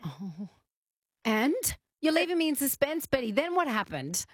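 A woman's voice: high voice, big pitch swings, normal speed, no room sound, studio quality. A woman hosting a talkback radio show, chatty and encouraging with trailing fillers. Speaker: radio host.

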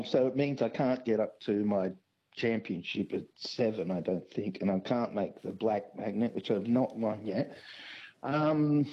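A man's voice: medium pitch, husky. A man calling into a radio quiz, rambling and hesitant with lots of ums. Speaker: caller. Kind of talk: phone-in chat. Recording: dull phone line.

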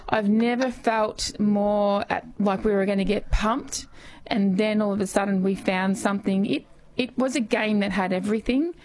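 A woman with an Australian accent and a scratchy, hoarse voice, talking football with passion on talkback radio. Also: medium pitch, steady tone, moderate pace, a little mellow. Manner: enthusiastic, passionate. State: hoarse from yelling. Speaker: sport commentator.

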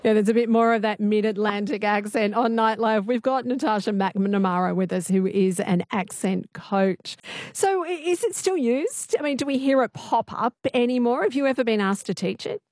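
A woman's voice: a little high, moderate pace, darkish tone, no echo, studio quality. A woman radio host who reads out listener messages and interviews a guest in a conversational way. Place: radio studio.

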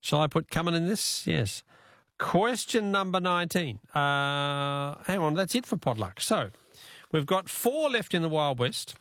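A man with an Australian accent hosting a talkback radio quiz, jovial and quick to laugh. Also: a little high, expressive, fairly bright tone, no room sound, studio quality.

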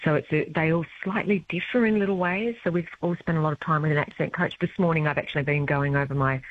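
A woman's voice: low-pitched, steady tone, fast talker, a little hiss or hum. A woman stage actress talking eagerly and chattily about her play in an interview. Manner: enthusiastic, chatty, warm about her work. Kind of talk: casual phone interview. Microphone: phone line. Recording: tinny phone line.

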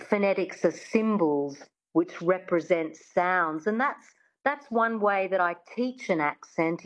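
A woman speaks as a dialect coach, with a fairly low voice, slowing down to spell out sounds with care. The recording is a little dull and muffled. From Australia. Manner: articulate, demonstrates sounds slowly and precisely. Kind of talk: conversational interview, teaching.

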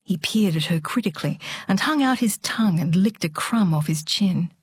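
A woman narrating an audiobook in a steady, measured storytelling voice. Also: fairly low pitch, husky, no echo, clean studio sound.

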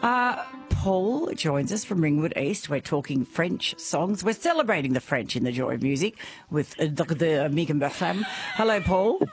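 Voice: medium pitch, sing-song, moderate pace, faint music behind. A radio host introducing a caller, with a playful, bubbly manner. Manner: playful and bubbly, laughing often. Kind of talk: lively talk radio hosting.

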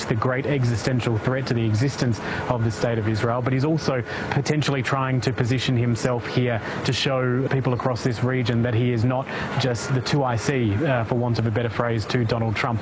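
Male field correspondent, mid-pitched, analytical, noisy recording. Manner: analytical, steady. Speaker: foreign correspondent. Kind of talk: news report.

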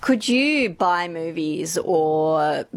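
Low-voiced woman, chatty. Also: lively intonation, extremely slow, no echo. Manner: chatty, laughs easily. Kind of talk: casual chat.

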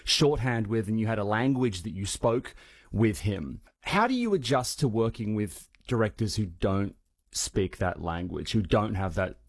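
A male host leads the conversation with long, fluent questions. His voice is a little lower than most men's. He frames each point before handing it over. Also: animated, normal speed. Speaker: interviewer, host. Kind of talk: interview questions.

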